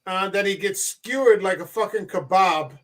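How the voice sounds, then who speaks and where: Bright, high-voiced man talking movies. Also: normal speed. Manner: animated, profane storyteller. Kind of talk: casual film chat.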